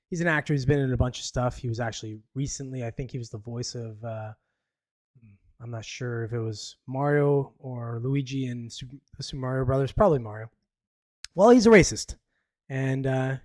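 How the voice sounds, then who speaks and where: A man from Canada hosts a live news podcast in a loose, rambling way, blunt and quick to swear and laugh at his own jokes. His voice sits in the middle range for a man. The sound is dry and close, with no room around it. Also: medium pitch, darkish tone, dry recording. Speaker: podcast host. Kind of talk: casual live-stream commentary.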